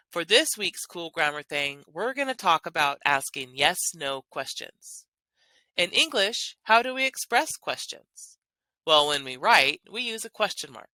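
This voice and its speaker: A woman's voice: on the low side, pushed and bright, no echo. A woman teaching a language lesson, explaining grammar in an upbeat, enthusiastic way. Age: adult with children.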